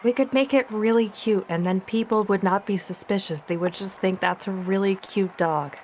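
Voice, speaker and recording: A woman's voice: medium pitch, moderate pace, a little mellow, a little hiss or hum. A woman playing a tabletop role-playing game, talking eagerly and chattily as she describes her character's ideas. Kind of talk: casual in-character banter.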